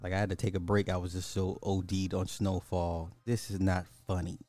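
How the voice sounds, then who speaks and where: A man's voice: sits low, flat delivery, moderate pace, dark tone, faint music behind. A man hosting a casual livestream podcast, greeting viewers by name and chatting loosely. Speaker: podcast host.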